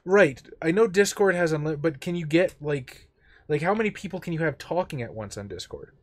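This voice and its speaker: A man's voice: a little high, animated, a little fast. A young man co-hosting a casual gaming stream, rambling about game rules and swearing casually. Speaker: streamer and co-host.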